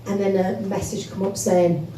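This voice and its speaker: Female stand-up, chatty, self-deprecating, mellow tone, echoey club heard from a distant phone. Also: medium pitch, little pitch movement, normal speed, a little hiss or hum. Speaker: stand-up comedian. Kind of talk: stand-up comedy set. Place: comedy club. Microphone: phone standing on a table in the audience. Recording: echoey club recorded from afar.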